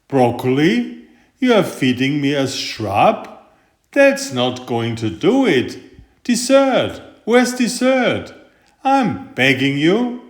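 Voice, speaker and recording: A man voicing a greedy, wisecracking talking sweet tooth that pushes and whines for sweets in a storybook reading. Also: medium pitch. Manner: pushy, whiny, demanding. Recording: roomy echo.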